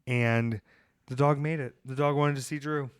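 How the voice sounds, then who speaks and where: A man hosting a podcast, telling rambling stories in a lively, animated way, swearing casually. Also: medium pitch, normal speed, smooth, no echo, studio quality. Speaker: podcast host.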